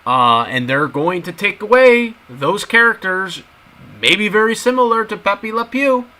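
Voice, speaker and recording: A man's voice: high-pitched, lively intonation, measured pace, bright, forceful tone, rough recording. A man in casual video commentary, talking to his viewers and repeating his points emphatically. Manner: repetitive, emphatic, addresses viewers as guys. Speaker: YouTube commentator.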